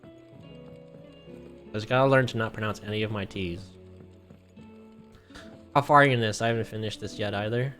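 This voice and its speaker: A man chats casually while streaming a video game, joking with a friend and laughing a lot. His voice sits slightly low. Faint music runs beneath the talk. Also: brisk, long pauses, a bit bright. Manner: laughs often, chatty and playful. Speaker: gaming streamer.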